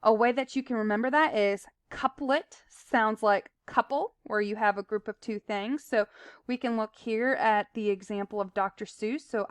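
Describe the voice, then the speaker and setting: A teacher with a fairly high, smooth voice talks through a recorded lesson, explaining terms plainly with fillers and asides. She speaks at normal speed. The sound is close and dry, with no echo.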